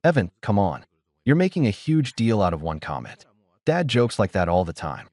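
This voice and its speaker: A man's voice: on the low side, big pitch swings, moderate pace, a little mellow, no echo. A man voicing a grown brother who exasperatedly accuses his sibling of selfishness. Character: defensive grown-up younger brother siding with parents.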